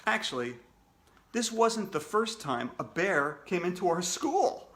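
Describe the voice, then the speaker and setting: A man's voice: sits high, big pitch swings, unhurried, fairly bright tone, a little hiss or hum. A man, a children's author, reading his own storybook aloud to kids in a playful way with jokey asides.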